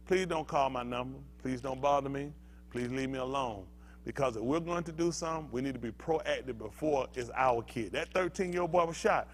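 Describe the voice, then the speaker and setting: A man's voice: a little high, a little hiss or hum. An older male pastor giving a fiery sermon, heated and emphatic, firing rhetorical questions at the congregation.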